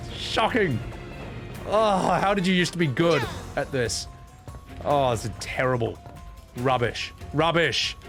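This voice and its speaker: A man streaming a video game, swearing and ranting at the controls, then mumbling softly to chat. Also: medium pitch, expressive, takes it slowly, over music. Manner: swears a lot, rants loudly at the game, then drops to soft mumbles. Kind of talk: live gameplay commentary.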